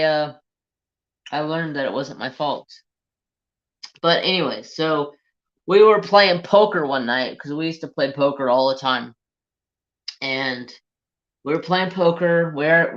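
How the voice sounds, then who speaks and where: A man telling a personal story in a slow, halting, reflective way while he works on a craft. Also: on the high side, a bit bright, dull audio. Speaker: crafting vlogger.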